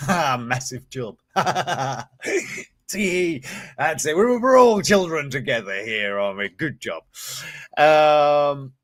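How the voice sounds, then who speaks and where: A man's voice: a little high, expressive, slow pace, long pauses, fairly bright tone, no echo, studio quality. A man hosting a casual live-streamed news show, reading stories aloud with cheeky, sweary asides and frequent chuckles. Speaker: host of a news and reviews show.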